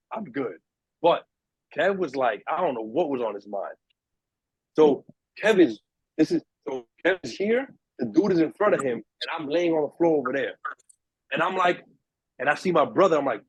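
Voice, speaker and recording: A man's voice: a little high, slightly rough, no room sound, rough recording. A young man telling a story in casual chat with friends, acting out the other people's lines. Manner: animated storyteller, acts out voices in quotes. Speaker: podcast host.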